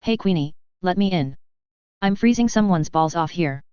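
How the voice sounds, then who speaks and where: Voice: mid-range voice, lively intonation, moderate pace, darkish tone, clear, resonant tone, no room sound, muffled recording, natural voice. A storybook narrator voicing a cocky male spirit who possesses a cat, speaking in a put-on TV British accent with a sardonic, grumbling manner. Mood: teasing.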